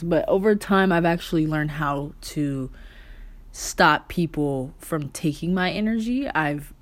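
A woman with a low, deep voice talks loosely and casually about spiritual energy straight to the camera. She is conversational and swears now and then. The sound is dry and close, with no room around it. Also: no echo. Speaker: vlogger.

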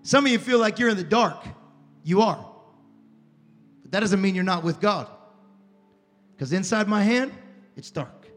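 Very high-voiced fervent male preacher. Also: animated, moderate pace, pauses often, long reverb tail, soft background music. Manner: fervent preaching, swinging from hushed to shouted. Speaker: pastor. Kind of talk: sermon. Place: church sanctuary before a congregation.

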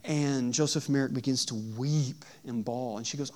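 A man preaching a sermon. He moves from hushed storytelling to loud, emphatic preaching and asks the audience questions. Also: mid-range voice, moderate pace. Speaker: pastor.

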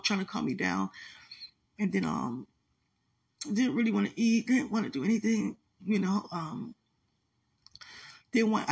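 A woman giving an emotional, halting personal testimony in an interview, often pausing and filling gaps with "you know". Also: mid-range voice, creaky, slightly rough. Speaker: interviewee sharing her story.

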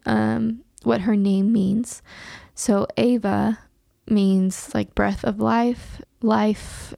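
A young woman hosting a podcast, talking casually and earnestly with quick asides and some laughter. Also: medium pitch, gravelly, warm tone, no echo, studio quality. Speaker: podcast host. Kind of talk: casual chat.

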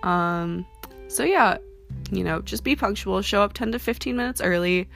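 A woman's voice: mid-range voice, normal speed, gravelly. A young woman who works as a model, giving casual career advice in a chatty way, full of ums and likes. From Canada. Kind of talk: casual talking-to-camera advice. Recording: soft guitar music underneath.

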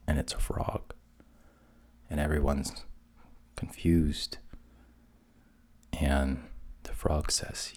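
A man narrating a fairy tale softly, at times dropping to a whisper. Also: a bass voice, little pitch movement, unhurried, creaky, breathy edge. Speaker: storyteller.

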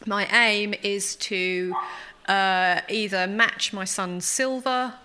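Woman, podcast guest, casual chat, giggly, bright voice. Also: medium pitch, steady tone, takes it slowly. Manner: giggly, cheerful. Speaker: podcast guest, cake maker.

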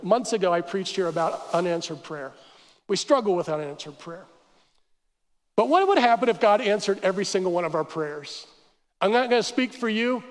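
A man preaching a sermon as pastor, telling the story with animated asides and acting out the crowd's complaints. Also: sits high. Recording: church hall reverb.

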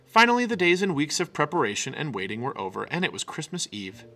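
Animated man reading a children's book. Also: fairly high pitch, fast talker, faint music behind. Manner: animated, expressive. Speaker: storyteller.

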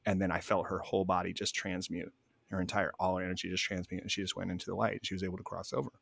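A man calmly telling stories in an interview, acting out both sides of each conversation. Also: low-pitched, very fast, creaky, husky. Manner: animated, acts out both sides of dialogue. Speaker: guest, spiritual medium. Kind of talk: conversational storytelling.

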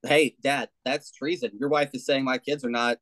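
A man's voice: medium pitch, steady tone, moderate pace, a bit bright. A man co-hosting a casual TV review chat, talking in a laid-back, profane way and slipping into mocking quotes. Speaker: podcast co-host.

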